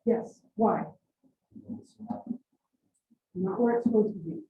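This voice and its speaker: A woman instructor teaching a college class, brisk and teasing as she coaxes answers from her students. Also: medium pitch. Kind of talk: classroom lecture with questions. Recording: distant echoey classroom on tinny mic.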